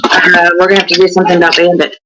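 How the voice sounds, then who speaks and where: A woman's voice: on the low side, completely flat delivery, racing, background noise. A woman co-hosting a livestream, chatting casually and teasing as she plays clips. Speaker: livestream co-host.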